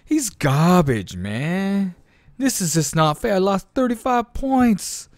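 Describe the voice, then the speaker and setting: A man doing a squeaky whiny young gamer guy. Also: sing-song, takes it slowly, a little mellow, no echo, studio quality, heavily acted. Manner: high-pitched complaining whine.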